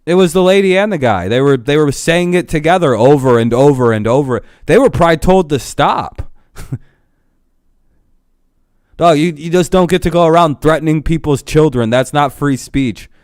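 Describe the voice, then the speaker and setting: A man's voice: on the high side, expressive, moderate pace, a little mellow, smooth, no echo, clean studio sound. A young man ranting casually to his live-stream chat, swearing a lot, laughing often and getting heated.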